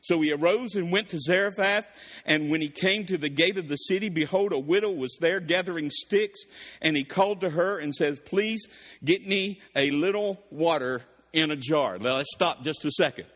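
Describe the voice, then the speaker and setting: A man preaching a sermon. He reads scripture and breaks off to explain it with lively asides, in a voice pitched a little high. A long reverb trails after his words in a large hall. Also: moderate pace. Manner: reads verses then explains them, with animated asides.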